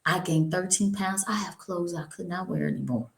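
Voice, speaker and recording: A woman's voice: lowish voice, moderate pace, vocal fry, roomy sound, low-quality recording. A middle-aged woman giving an informal health talk, chatty and folksy, calling her listeners honey. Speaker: holistic wellness speaker.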